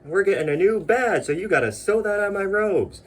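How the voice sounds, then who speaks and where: A man's voice: high-pitched, moderate pace, breathy edge, far from the mic, voice pushed up. A man voicing a giddy male court official who gushes to his spouse about a promotion. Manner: gushing, excited.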